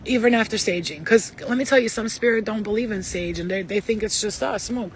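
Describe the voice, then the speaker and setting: A woman giving a casual spiritual reading, rambling and emphatic, blunt and sometimes swearing, moving between loud urging and soft asides. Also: medium pitch, fairly quick, slight background noise. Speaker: spiritual reader. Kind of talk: casual channelled tarot-style reading.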